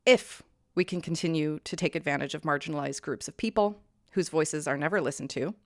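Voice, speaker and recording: A woman with a lowish voice presents her research on a podcast, reading steadily from notes. She breaks into sharp outrage at the injustices she describes. The sound is dry and close. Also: brisk, no room sound. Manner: reads prepared notes, flares into heated outrage. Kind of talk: scripted history podcast with casual banter.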